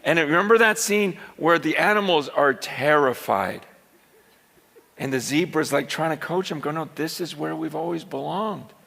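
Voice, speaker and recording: Gravelly-voiced man preaching in a reverberant hall. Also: moderate pace. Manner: builds from low chatty storytelling to loud shouting. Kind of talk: sermon storytelling.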